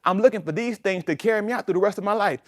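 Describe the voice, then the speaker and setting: A man's voice: high-pitched, racing. A male minister preaching in a conversational call-and-response style, using slang and rhetorical questions.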